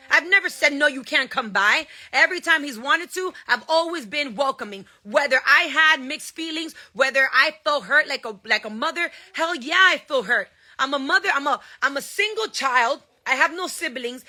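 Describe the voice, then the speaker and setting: A woman's voice: high-pitched, sharp tone. A woman giving a heated personal statement, blunt and profane, hammering her points home and slipping a few Spanish words into her English. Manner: angry, blunt, profane, emphatic. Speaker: singer and TV personality.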